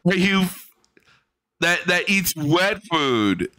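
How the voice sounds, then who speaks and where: A man's voice: high voice, very animated, drawn-out words, bright, forceful tone. A man casually commenting on a clip, profane and mocking, often mimicking the cat in voices.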